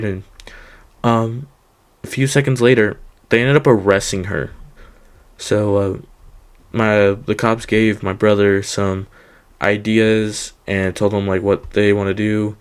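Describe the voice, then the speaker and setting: A man's voice: on the low side, smooth. A young man casually telling a rambling personal story, full of fillers and "he goes" quotes.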